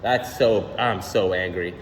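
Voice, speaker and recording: A young man ranting casually on his own channel, animated and slangy, swearing often and repeating "son". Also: low-pitched, unhurried, big-room sound, slight background noise. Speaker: vlogger. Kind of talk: casual rant.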